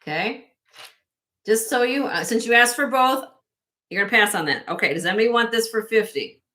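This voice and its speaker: A woman's voice: on the high side, expressive, brisk, pushed and bright. A woman hosting a casual live-stream jewelry sale, chatty and self-correcting, laughing often as she shows pieces to viewers.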